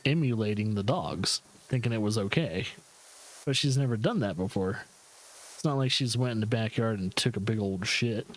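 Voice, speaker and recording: A man's voice: mid-range voice, a little mellow. Rambling young man telling a story. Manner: rambling storytelling, frequent laughs and fillers. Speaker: streamer. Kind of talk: casual chat while gaming.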